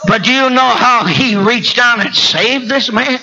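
A man preaching a fiery sermon, swinging from low asides to high shouted climaxes and calling out to people in the congregation. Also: measured pace, over a noisy crowd. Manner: calls out to listeners in the congregation. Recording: dull lo-fi recording with faint noise.

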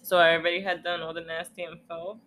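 Bright slangy young woman, echoey room. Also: fairly low pitch, flat delivery, fast, slight background noise. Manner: slangy, laughs easily. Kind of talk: casual chat.

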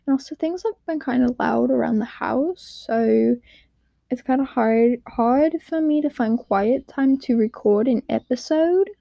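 A teenage girl hosting her own podcast in a quiet room at home, rambling and giggling at herself. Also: a little high, unhurried, creaky, dry recording, lo-fi sound. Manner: rambling, giggly, self-deprecating. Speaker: podcast host. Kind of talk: casual solo podcast chat.

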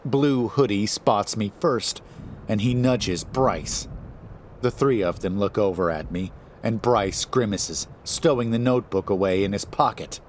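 A man narrates a first-person horror story in a slow, measured way. His voice sits low and grave. A faint hiss runs under the reading.

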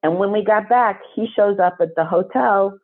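A woman who is a podcast guest, telling a story in an animated, emphatic way. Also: medium pitch, normal speed. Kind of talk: storytelling interview. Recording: phone-like narrow sound.

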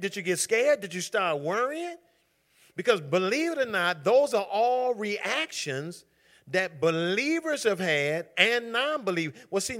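Bright-voiced man leading Bible study. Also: high-pitched. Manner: calls on members by name, conversational and emphatic. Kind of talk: interactive Bible study teaching. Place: church group gathering.

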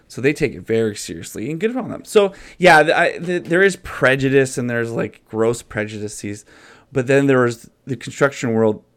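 A man's voice: medium pitch, expressive, moderate pace, a bit bright. A man, a construction contractor, chatting earnestly on a podcast with many restarts. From Canada. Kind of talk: casual podcast chat.

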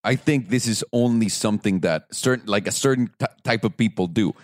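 A young man from Mexico, a native Spanish speaker, hosting a casual podcast chat, animated and profane, ranting and mimicking people. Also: lowish voice, fairly quick, no room sound, clean studio sound. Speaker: podcast host.

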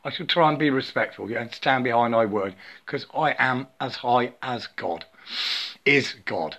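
Here the man's voice sits at medium pitch with a fairly bright tone, moving at normal speed. Over the phone he meanders through spiritual talk, chants syllables without words, stumbles and repeats himself, and keeps adding "yeah?" to the ends of his lines.

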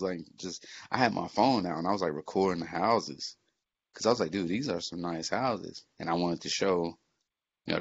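Man, very deep voice, gravelly, casual storytelling, lots of fillers, muffled lo-fi sound. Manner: animated, profane, many fillers and restarts. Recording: muffled lo-fi recording.

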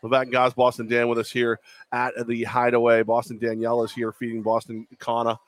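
A man's voice: medium pitch, completely flat delivery, fairly quick, no echo. A man co-hosting a sports talk show, bantering with teasing, jokey mock outrage. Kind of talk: casual sports radio banter.

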